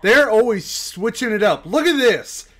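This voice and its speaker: A young man giving excited commentary over a basketball video game, often yelling and laughing during play. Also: high voice, measured pace. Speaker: gaming YouTuber.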